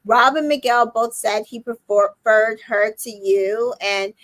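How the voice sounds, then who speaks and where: A woman hosting a casual recap chat, animated and profane, acting out quotes from the show. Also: fairly high pitch, measured pace, dry recording, low-quality recording.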